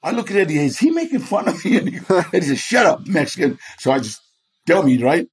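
A man's voice: on the high side, sing-song, fast talker, darkish tone, husky. A man, a guest in an interview, telling stories animatedly, acting out the people he quotes and laughing often. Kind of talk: storytelling in a chat interview.

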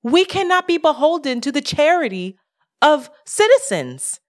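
A woman co-hosting a podcast, talking casually in a profane, animated rant about money and frustration. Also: sits high, moderate pace. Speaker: podcast co-host. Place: lives in Brooklyn.

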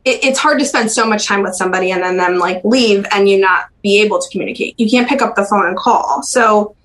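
A young woman speaking as a podcast interview guest, recalling personal memories in a halting, soft-spoken way with frequent pauses and restarts. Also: medium pitch, rough recording. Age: young adult.

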